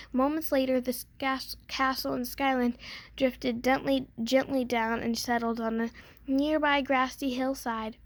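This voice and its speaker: High-voiced woman reading a fairy tale. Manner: gentle storybook reading with small slips. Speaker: storyteller. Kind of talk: fairy tale read aloud.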